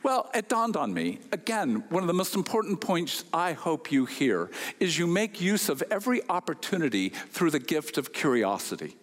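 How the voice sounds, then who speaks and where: Man, storytelling talk with a lesson, wry, rhetorical questions, lively pitch, long hall echo. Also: normal speed, few pauses. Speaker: speaker addressing an audience.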